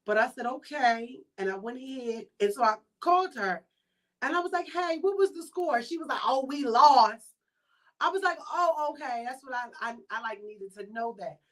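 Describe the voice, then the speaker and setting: A woman with a Baltimore accent hosting a podcast in casual chat, telling stories in a chatty, animated way with quoted asides. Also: high-pitched, a little fast. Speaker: podcast host.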